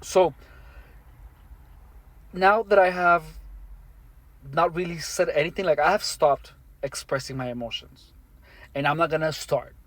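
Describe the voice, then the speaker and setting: A man speaking alone to the camera in an earnest, matter-of-fact monologue, halting with many restarts and fillers. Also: a little high, fairly even intonation, a bit bright, dry recording. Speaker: vlogger. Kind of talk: first-person monologue to camera.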